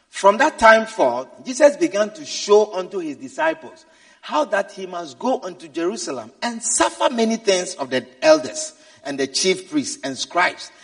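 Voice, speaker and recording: A man preaching a sermon, swinging from quiet asides to shouted exhortations. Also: sits high. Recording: echoey hall, mic at a distance.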